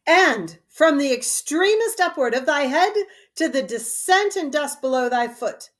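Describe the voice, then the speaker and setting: A woman reading the part of a vengeful young nobleman who challenges his treacherous brother, in a slow, declamatory verse reading. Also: high-pitched, lively intonation, voice pushed up. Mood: defiant. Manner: declamatory, deliberate.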